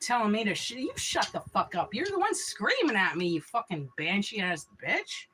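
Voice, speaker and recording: A woman in a heated argument, shouting, repeating herself and swearing, at times tearful. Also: medium pitch, sing-song, moderate pace, very noisy.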